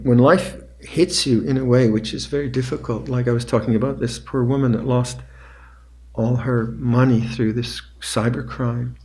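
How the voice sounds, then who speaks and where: An older man giving calm meditation instructions at a retreat, unhurried, often repeating phrases quietly. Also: medium pitch. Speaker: meditation teacher. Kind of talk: dharma talk.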